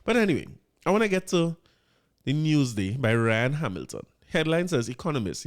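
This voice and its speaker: Trini guy on his podcast, mid voice, incredulous, keeps laughing and going what what what. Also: mid-range voice. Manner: incredulous, laughing, repeats words when riled. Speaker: podcast host. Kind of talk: casual commentary.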